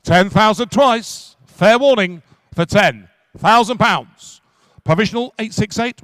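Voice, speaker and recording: A man working as an auctioneer at a live car auction, calling bids in quick repetitive runs. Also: high-pitched, fairly bright tone, no room sound. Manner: rapid repetitive bid calling.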